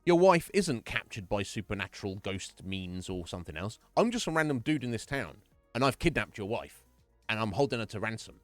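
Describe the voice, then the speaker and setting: A man's voice: lowish voice, very animated, brisk, no echo, faint music behind. A man voicing a shady male small-town kidnapper in a brusque, dismissive way. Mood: blunt.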